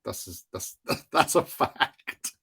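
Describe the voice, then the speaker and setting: A man's voice: very slow, bright, forceful tone. A man from Wales teaching in a chatty, casual way, often checking in with his listeners. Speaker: course instructor.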